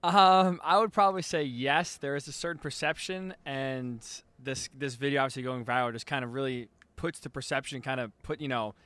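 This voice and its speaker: A man with a Long Island accent answers a radio host in a bright, forceful voice. He speaks hesitantly and plainly, close to the mic in a dry studio sound. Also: mid-range voice, a little fast, hardly any pauses, no echo.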